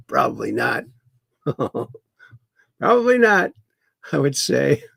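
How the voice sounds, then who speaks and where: A man's voice: mid-range voice, sing-song, slow, vocal fry, fairly bright tone, slightly rough, dry recording, clean studio sound. A man hosting a livestream, reading viewer chat aloud and mocking the news with chuckles. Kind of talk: casual political commentary livestream. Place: home in Wisconsin.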